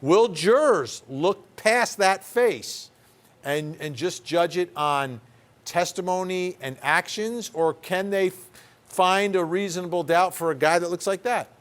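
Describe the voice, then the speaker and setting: A man's voice: high voice, measured pace, a bit bright. A man hosting a legal news show, asking probing questions with frequent stammered restarts. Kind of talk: news talk interview.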